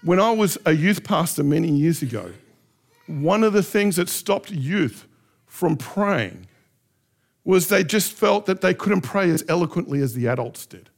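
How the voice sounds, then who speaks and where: A middle-aged pastor preaches with passion. His fairly high voice swoops widely as he acts out raw, honest prayers. He shifts between urgent pleading and quiet reflection. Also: animated, unhurried, creaky. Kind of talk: sermon.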